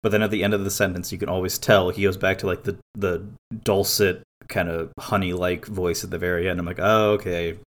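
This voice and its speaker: A man co-hosting a podcast in casual chat, rambling with many fillers and restarts and quoting others in animated voices. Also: low-pitched, a little fast. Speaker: podcast co-host.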